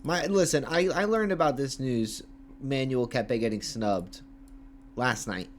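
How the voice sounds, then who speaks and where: A young man livestreaming casual commentary, talking in hyped, repetitive bursts with slang and shout-outs to viewers. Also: mid-range voice, a little slow, slight background noise. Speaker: MMA livestreamer.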